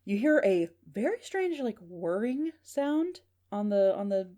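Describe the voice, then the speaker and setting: A woman's voice: mid-range voice, sing-song, unhurried, warm tone. A woman podcast host casually retelling a paranormal story in a chatty way, with fillers.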